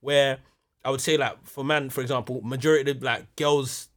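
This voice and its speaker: A man's voice: medium pitch, fairly even intonation, normal speed. A young man, telling a rambling story in heavy slang on a casual podcast. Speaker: podcast host. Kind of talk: casual chat.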